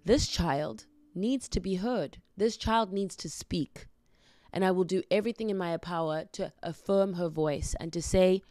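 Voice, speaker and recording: A woman hosting a podcast, speaking slowly and earnestly in a heartfelt, reflective monologue. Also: medium pitch, expressive, no echo, clean studio sound. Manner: slow, earnest, gently encouraging. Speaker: podcast host.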